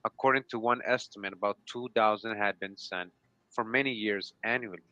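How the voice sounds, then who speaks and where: Male co-host reading history sources aloud with brief remarks. Bright, tense tone, muffled lo-fi recording. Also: fairly low pitch, fairly even intonation, fairly quick, no room sound. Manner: reads citations in full, short comments. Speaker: show co-host. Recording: dull, lo-fi sound.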